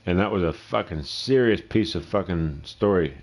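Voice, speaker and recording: A man's voice: low voice, expressive, normal speed. A middle-aged man giving casual, rambling, profane commentary while streaming a game, often talking to himself. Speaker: gameplay streamer.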